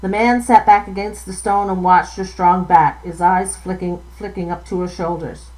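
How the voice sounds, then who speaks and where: A woman's voice: on the low side, steady tone, normal speed, darkish tone, low-quality recording. Woman, author, live novel reading, stumbles and self-corrects.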